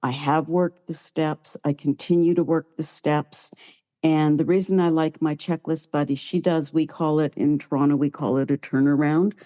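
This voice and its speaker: A woman's voice: low voice, steady tone, moderate pace, mellow. A middle-aged woman giving a chatty, heartfelt personal recovery share at a meeting, sometimes close to tears. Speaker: guest speaker at a recovery meeting.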